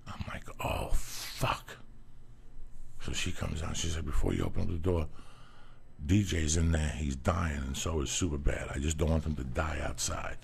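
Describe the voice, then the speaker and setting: A man telling personal stories in a casual talk, animated and profane, acting out what people said. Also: rumbling low, brisk, creaky, slightly rough. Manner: profane, animated storytelling, acts out quotes. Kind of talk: casual storytelling chat.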